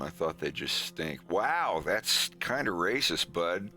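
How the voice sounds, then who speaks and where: A male streamer talks casually and rambles, breaking into laughter and poking fun at himself. His voice is very bright and sharp and lively, moving freely up and down at a mid pitch. Soft music plays faintly behind him. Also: slow, few pauses. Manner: laughing, self-mocking, rambling. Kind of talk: casual live-stream chat.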